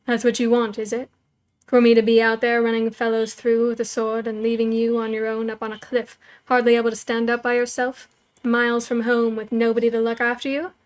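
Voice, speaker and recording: A woman voicing an earnest, protective young man in a read-aloud story, with a low-key, plain delivery. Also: monotone, fairly quick, natural voice. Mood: bitter.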